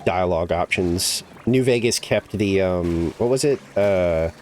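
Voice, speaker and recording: A man's voice: deep voice, measured pace, darkish tone, slight background noise. A man streaming a game, chatting casually and rambling with lots of "like" and casual swearing. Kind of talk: casual chat while gaming.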